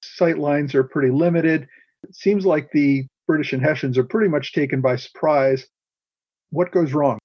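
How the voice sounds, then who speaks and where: A man with a slightly raised, husky voice hosts a podcast interview. He sets the scene briefly, then asks his guest short questions. The audio is dry and lo-fi. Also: fairly high pitch, moderate pace, no echo. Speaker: podcast host.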